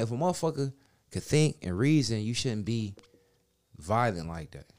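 A man on a casual podcast telling a long profane story, acting out quotes and swinging between loud and soft. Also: mid-range voice, big pitch swings, normal speed. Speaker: podcast co-host. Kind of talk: casual chat. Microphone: studio mic.

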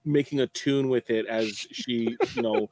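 A man co-hosting a relaxed reality-TV talk show. He speaks wryly and teases the contestants. His voice sits in a middle register and sounds dry and close, with no room around it. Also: medium pitch, unhurried, no echo. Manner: wry, mocking impressions. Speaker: podcast co-host. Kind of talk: casual chat.

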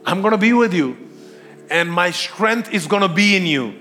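A male preacher with a fairly high voice delivers a sermon, throwing out rhetorical questions and asking listeners if they follow. His words ring out with a long, hall-like reverb. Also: expressive, normal speed, pushed and bright, faint music behind.

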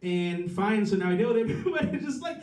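A man's voice: high-pitched, lively intonation, brisk, darkish tone, faint music behind. A man in his thirties doing stand-up, rambling and profane, often trailing off and restarting, mocking himself. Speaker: stand-up comedian. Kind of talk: stand-up set. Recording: roomy, mic heard from a distance.

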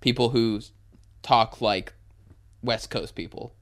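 A man's voice: mid-range voice, fairly even intonation, slow, a bit bright. A young American man co-hosting a casual podcast, laid-back, laughing often and swearing casually. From United States. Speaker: podcast co-host. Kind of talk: casual chat.

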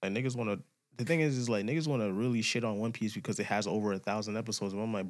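A man co-hosting a podcast, chatting casually and telling things with excited mock quotes. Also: fairly low pitch, rapid-fire, no room sound, studio quality. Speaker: podcast co-host. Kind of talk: casual chat.

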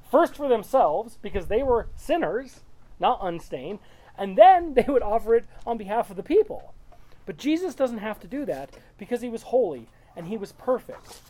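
A woman's voice: a little high, mellow. A woman leading a small-group Bible study, reading verses aloud and explaining them in a loose, conversational way.

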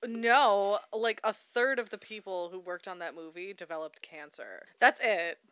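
Chatty podcast lady, mid pitch, lots of "like". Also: measured pace, fairly bright tone, clean tone, no room sound. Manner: chatty, emphatic, sprinkled with "like". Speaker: podcast co-host. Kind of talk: casual chat.

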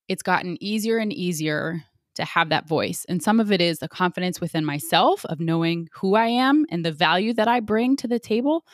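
A woman's voice: lowish voice, no echo, clean studio sound. A woman in her forties, a sports medicine physician, speaks candidly as an interview guest, telling stories with lots of fillers. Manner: candid, animated, frequent fillers.

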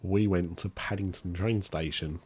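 A man's voice: low-pitched, steady tone, moderate pace, a little mellow, breathy edge. A man, a parent casually questioning his child about a book, playful and teasing. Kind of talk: casual chat.

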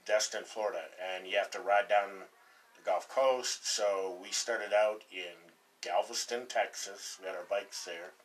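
A man's voice: on the low side, steady tone, measured pace. Man rambling through a casual road story. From Colorado, USA. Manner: rambling, laughs often, swears casually. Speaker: podcast co-host. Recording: distant mic, faint background noise.

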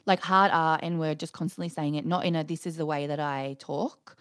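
Low-voiced blunt woman. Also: normal speed, no room sound, studio quality. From Australia. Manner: profane, blunt, animated storyteller. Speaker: podcast co-host. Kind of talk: casual chat, storytelling.

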